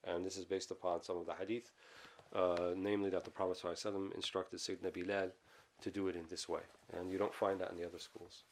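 Male teacher, deep voice, brisk delivery, reads Arabic then explains. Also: level tone, slight background noise. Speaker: Islamic teacher. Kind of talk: explaining a classical text.

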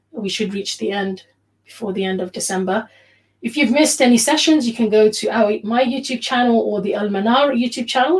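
An earnest woman leads an online religious class for other women over a video call. She speaks in an unhurried way, pausing often and mixing in short Arabic phrases. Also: medium pitch, poor audio. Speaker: teacher of an online Islamic class.

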